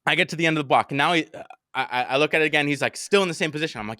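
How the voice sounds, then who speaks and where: A young man races through a story in a bright, forceful voice, cursing freely. He acts out his own shouts and panicked thoughts as he goes. The sound is close and dry. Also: fairly high pitch, rapid-fire, no room sound. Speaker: podcast host. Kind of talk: casual storytelling chat.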